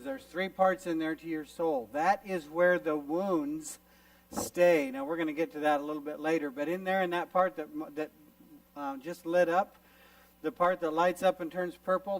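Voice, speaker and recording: A man gives a youth sermon in a fairly high voice, bringing his illustrations to life by acting out small scenes. He sounds set back from the microphone. The room sound is dry, with little echo. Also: gravelly, distant mic. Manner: animated storyteller who acts out little scenes. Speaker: youth conference speaker. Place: camp meeting hall.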